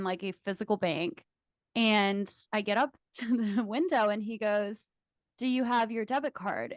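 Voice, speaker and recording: A woman's voice: mid-range voice, no room sound. A young woman co-hosting a podcast, telling stories in casual chat, laughing often and swearing. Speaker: podcast co-host.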